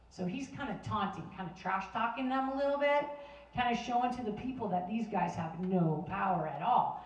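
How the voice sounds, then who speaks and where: A woman's voice: medium pitch, normal speed, highs cut off. Woman Bible teacher, talkative storyteller, recorded from across a roomy space. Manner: chatty and animated, with many restarts and fillers. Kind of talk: casual storytelling sermon. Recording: roomy sound from a distant mic.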